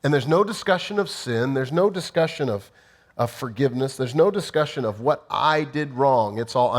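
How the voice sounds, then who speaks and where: A man's voice: medium pitch, animated, moderate pace. A male pastor delivering a conversational sermon, emphatic and full of rhetorical questions.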